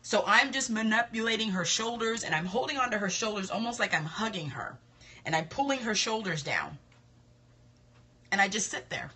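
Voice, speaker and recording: Lady esthetician coaching folks on a livestream, confident, says things twice for emphasis, bright voice with a bit of husk. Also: medium pitch, animated, moderate pace, husky. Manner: confident, emphatic, repeats points. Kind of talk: casual live-stream talk. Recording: live stream video.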